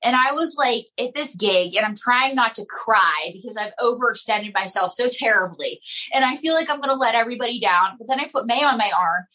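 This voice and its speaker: Chatty comedian lady on a podcast, bright husky voice, laughs a lot. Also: on the high side, a little fast, poor audio. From United States. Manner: chatty, laughs often, animated storytelling. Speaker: guest, ventriloquist and comedian. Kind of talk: casual podcast chat.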